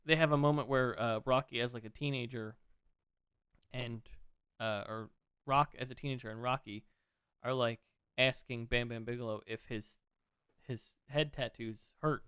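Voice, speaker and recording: An excitable man rambling through a casual podcast chat, piling on asides as he goes. His voice is smooth and clear, recorded close and dry with no room around it. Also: medium pitch, normal speed, no room sound. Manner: rambling, excitable, swears freely. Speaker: podcast co-host.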